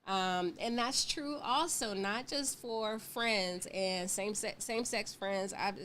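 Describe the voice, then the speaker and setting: A woman's voice: medium pitch, slow pace, a little hiss or hum. A woman co-hosting a marriage talk show, chatting casually, telling stories with animation and frequent laughs. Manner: animated storyteller, laughs often.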